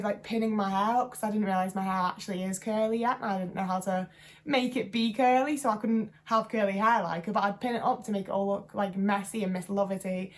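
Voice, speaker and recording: A woman in her twenties talking to camera in a casual vlog, chatty and rambling with lots of fillers and self-deprecating asides. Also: fairly high pitch. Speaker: vlogger.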